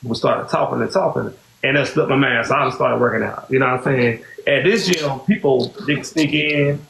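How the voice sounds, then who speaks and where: A man's voice: medium pitch, normal speed, creaky, a bit bright. A man hosting a podcast, telling a personal story in casual, rambling talk that keeps circling back to "you know what I'm saying.". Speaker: podcast host. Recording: echoey room with faint hiss.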